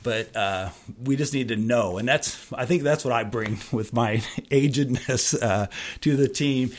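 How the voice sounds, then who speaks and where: A man in his fifties, a longtime Sunday school teacher, chatting on a church podcast in a halting, rambling way with many restarts. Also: mid-range voice. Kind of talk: casual podcast chat.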